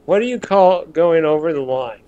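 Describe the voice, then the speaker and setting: A man's voice: on the high side, animated, moderate pace, highs cut off, crowd noise. A man co-hosting a podcast, chatting wryly and rambling as he corrects himself. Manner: wry, rambling, self-correcting. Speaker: podcast co-host. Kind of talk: casual chat.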